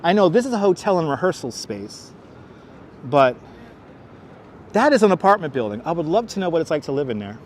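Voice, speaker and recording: A very animated Brooklyn man with a slightly high voice talks fairly quickly, with long pauses, while livestreaming a casual tour of busy city streets. He rambles, jokes, and answers chat questions out loud. A little hiss or hum sits under his wireless clip-on mic audio, his phone mounted on a gimbal.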